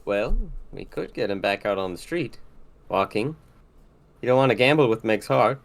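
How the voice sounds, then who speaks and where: A man's voice: lowish voice, animated, moderate pace, creaky. A man voicing a cold, arrogant mad scientist who talks in a smug, clipped, condescending way.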